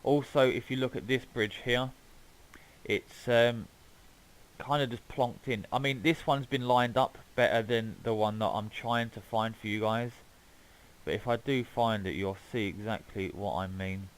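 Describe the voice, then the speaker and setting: A man's voice: mid-range voice, measured pace, rough recording. A man giving casual, rambling gameplay commentary as he flies around a map, swearing now and then. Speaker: gaming YouTuber.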